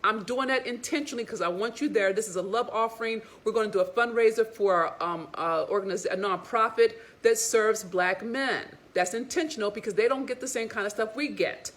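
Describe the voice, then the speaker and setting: Woman relationship coach, higher voice, sassy and preachy, casual motivational delivery. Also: a little fast, hardly any pauses. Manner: animated, preachy, sassy and frank with curses. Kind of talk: casual motivational talk to women viewers.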